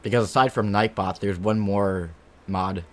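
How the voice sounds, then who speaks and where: Low-voiced male streamer chatting casually. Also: moderate pace. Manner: relaxed, chatty, talks while eating, muses aloud. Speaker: game streamer. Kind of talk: casual stream chat while playing.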